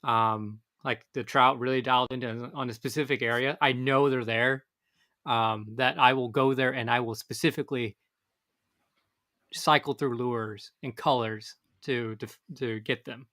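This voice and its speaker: A man's voice: mid-range voice, steady tone, unhurried, sharp tone. A man, co-hosting a casual fishing podcast and talking in a rambling way with many restarts. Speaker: podcast co-host. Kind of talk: casual chat.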